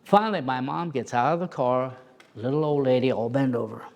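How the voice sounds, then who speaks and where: A middle-aged man telling personal stories in an animated way, laughing often and acting out the voices of the people he quotes. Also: mid-range voice, brisk, gravelly, highs cut off. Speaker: interview guest, storyteller.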